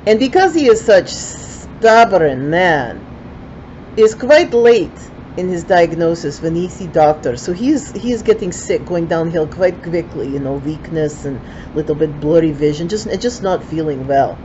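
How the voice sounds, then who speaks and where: A woman's voice: lowish voice, expressive, a little slow, a little mellow, highs cut off, a little hiss or hum. An older woman with a Ukrainian accent telling a folksy story in broken English, with chatty asides.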